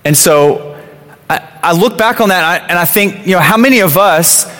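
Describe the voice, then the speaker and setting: A man in his thirties gives a relaxed, chatty sermon, stumbling over and repeating his words as he goes. His voice sits a bit high for a man. Long reverb from a large church hall trails after every line. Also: moderate pace. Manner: conversational, repeats words, many "you know" fillers. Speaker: pastor.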